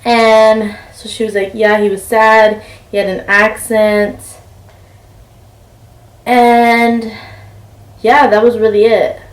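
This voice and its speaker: A young woman vlogger tells a chatty, rambling story while packing, full of fillers and "like." Her fairly high voice has little pitch movement, and she speaks slowly with long pauses. The recording sounds roomy, with the mic a bit far off.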